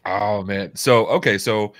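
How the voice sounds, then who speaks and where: Give me a man with a deep, fairly low voice hosting a relaxed talk show. He tells rambling stories and swears freely. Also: unhurried. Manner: loose, swearing, storytelling. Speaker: host. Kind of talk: casual chat.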